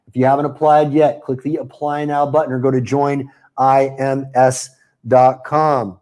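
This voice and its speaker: A man hosting a live webinar, pitching a marketing program in a chatty, upbeat way and answering viewers by name. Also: little pitch movement, normal speed, a little mellow.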